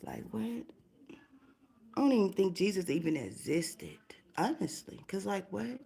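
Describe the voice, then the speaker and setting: A woman's voice: medium pitch, sing-song, measured pace, vocal fry, mellow. A young woman ranting bluntly and profanely on a casual livestream, firing off rhetorical questions while doing her hair.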